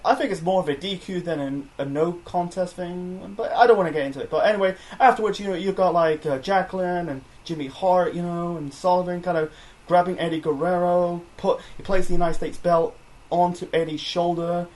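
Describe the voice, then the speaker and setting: Young male reviewer, slightly raised pitch, loose rambling delivery, lots of "you know" and restarts. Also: steady tone, brisk, a little mellow. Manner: rambling, many fillers and self-corrections. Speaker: wrestling review host. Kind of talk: casual solo review chat.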